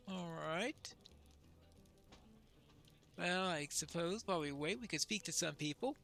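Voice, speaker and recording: Let's player musing slow and bright, lively pitch. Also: gravelly, faint music behind. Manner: musing, thinking aloud. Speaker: game player. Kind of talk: let's-play commentary.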